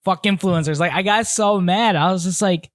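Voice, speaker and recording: A young man with a high-pitched voice hosts a casual podcast chat at normal speed, with no echo on the recording. He tells stories candidly and animatedly, acting out what people said.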